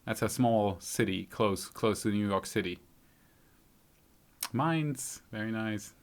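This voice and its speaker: A man's voice: fairly low pitch, takes it slowly. A man from Germany with a light German accent, hosting a casual live stream, thinking aloud as he fiddles with settings and reads out viewers' comments. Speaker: YouTube channel host.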